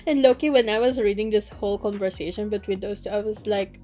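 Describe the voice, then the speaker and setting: A woman casually recapping a novel chapter by chapter, chatty and quick to laugh, with plenty of fillers. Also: medium pitch, dark tone, faint music behind. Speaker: book recap creator.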